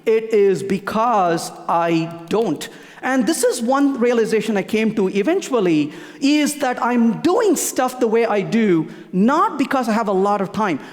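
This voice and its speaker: An animated conference speaker whose pitch rises and falls expressively while stressing the same point again and again. The talk goes out through a stage microphone. The sound rings out with the long reverb of a large hall. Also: measured pace. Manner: emphatic, repeats key points, frequent restarts.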